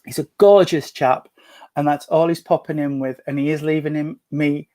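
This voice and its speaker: Man, gentle chatty medium, raised pitch, calling people sweetheart, home video call. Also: steady tone, normal speed, no echo. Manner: chatty, gentle, full of endearments. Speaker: spiritualist medium. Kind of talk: mediumship reading in an online service. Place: at home at a breakfast table.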